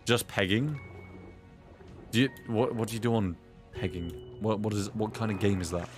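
Swearing British streamer chatting over gameplay. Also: male voice, lowish voice, fairly even intonation, normal speed, over music. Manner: swears often, reads chat aloud, blurts reactions. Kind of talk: casual gameplay chat.

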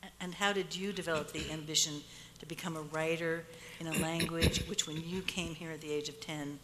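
Woman interviewer, reflective questions, lowish bright voice, echoing hall with faint noise. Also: fairly even intonation, brisk. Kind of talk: onstage interview.

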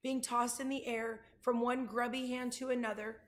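A woman reading a children's chapter book aloud, pausing to show pictures to her listeners. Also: on the high side, little pitch movement. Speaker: reader.

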